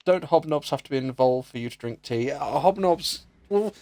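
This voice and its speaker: Streaming a game, this British man in his thirties keeps up animated, joking chat and storytelling, swearing freely. He speaks at a normal speed with a fairly high-pitched voice.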